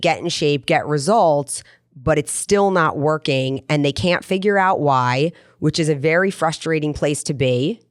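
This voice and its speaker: Low-voiced woman telling a rambling story. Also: dry recording, studio quality. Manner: earnest, rambling personal storytelling. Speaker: podcast host. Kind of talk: casual podcast chat.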